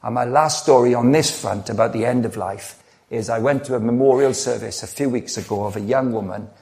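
Man, middle-aged, pastor, earnest sermon, conversational, gravelly. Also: medium pitch, fairly quick, a little mellow. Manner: earnest, conversational, frequent restarts. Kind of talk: sermon with personal stories.

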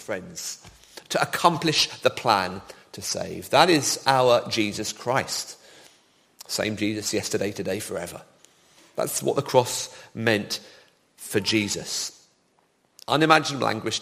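A man's voice: medium pitch, sing-song, normal speed, pushed and bright. A man preaching a sermon with dramatic emphasis and rhetorical questions.

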